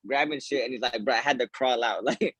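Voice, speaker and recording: A husky-voiced man tells a story on a podcast in loose casual chat. His speech is full of filler and laughter, and his voice sounds close and dry. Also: mid-range voice, brisk, a bit bright, no echo. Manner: rambling, heavy on filler "like", laughs through his stories.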